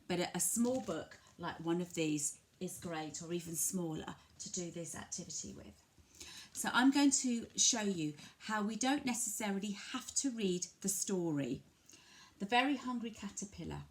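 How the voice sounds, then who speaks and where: An English woman from a family centre explains to parents how to share a picture book, talking gently and patiently and switching to a bright sing-song voice when modelling words. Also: on the low side. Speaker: family centre early language worker. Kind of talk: instructional talk to parents, demonstrating a picture book.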